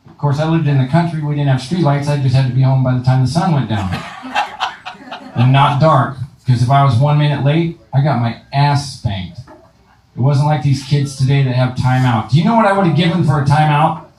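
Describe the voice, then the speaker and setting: A man's voice: mid-range voice, a little fast, a little mellow, slight background noise. A man in his thirties doing a crude stand-up comedy set with lots of swearing, speaking to a live crowd from a club stage. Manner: crude, swearing punchlines with voiced asides. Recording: echoey club, mic at a distance.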